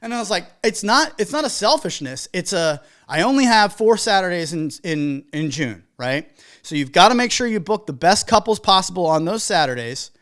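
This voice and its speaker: Animated wedding DJ podcast host with a lively, wide-ranging delivery who acts out the people in the stories. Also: medium pitch, normal speed. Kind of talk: casual podcast monologue giving business advice.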